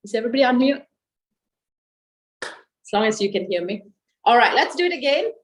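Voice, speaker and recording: A woman's voice: fairly high pitch, sing-song, fairly quick, slight background noise, poor audio. Upbeat woman leading laughter yoga. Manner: encouraging, coaxing, bursts of laughter. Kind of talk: guided laughter yoga session. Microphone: video call.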